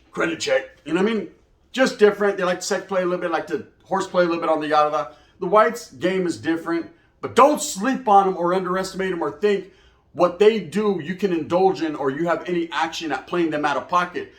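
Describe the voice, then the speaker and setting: A man telling prison stories in casual slang, animated, often acting out quoted voices. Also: high-pitched, fast. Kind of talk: casual storytelling monologue. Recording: echoey room.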